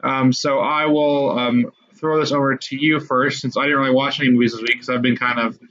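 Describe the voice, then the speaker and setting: A man's voice: medium pitch, little pitch movement, fairly quick, a bit bright. A man hosting a podcast in casual chat, easygoing and steering the talk. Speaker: podcast host. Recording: muffled lo-fi audio.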